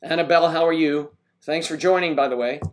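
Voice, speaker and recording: A man's voice: on the high side, steady tone, fairly quick. An older man hosting a casual livestream, greeting viewers by name and rambling while he fumbles with his equipment. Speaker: livestream host.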